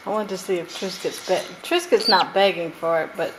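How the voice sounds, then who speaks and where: A woman filming her pet parrots at home, coaxing them in a high, sing-song pet voice and laughing often. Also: wildly swooping pitch, measured pace. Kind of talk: home video chat with pet birds. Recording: home camera with loud background noise.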